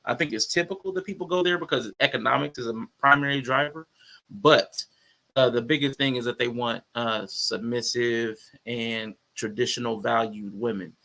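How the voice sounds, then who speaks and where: Hosting a laid-back reaction stream, this man speaks at a moderate pace with a medium pitch and noticeable vocal fry. He chats loosely with viewers and chat in a relaxed, conversational way, addressing them as y'all.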